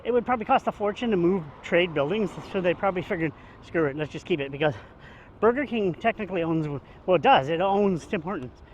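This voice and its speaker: A man with a fairly high voice talks into his phone as he walks along the street, rambling and cracking jokes. He sounds a little out of breath from the walk. A faint hum of traffic sits in the background. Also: animated, fast talker, dull audio. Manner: rambling, chatty, jokey. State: out of breath from walking. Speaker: vlogger. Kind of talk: casual walking vlog. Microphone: handheld phone camera.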